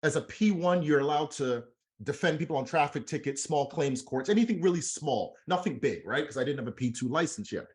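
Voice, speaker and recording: A young man tells a story at a motivational training session. He is slangy and animated and acts out the dialogue as he goes. His voice sits a little high and swings a lot in pitch. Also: brisk. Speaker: MLM trainer.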